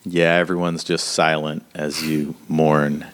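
Man, very low voice, slow, game master narrating a tabletop session, halting with fillers. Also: little pitch movement.

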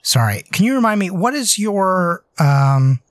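Brief: male game master, slightly high voice, hesitant casual narration, dry close sound. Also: very animated, unhurried, dry recording. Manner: loose, hesitant, many fillers.

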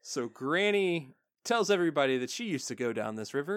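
A woman's voice: low-pitched, a little fast, no echo, clean studio sound. A woman co-hosting a casual podcast, recapping a cartoon episode and acting out character lines with lots of laughter. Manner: animated, laughs often, acts out character lines. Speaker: podcast co-host.

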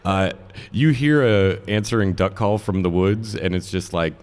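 A man narrating as dungeon master for a live tabletop game, relaxed and chuckling with fillers. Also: low voice, normal speed, clear, resonant tone.

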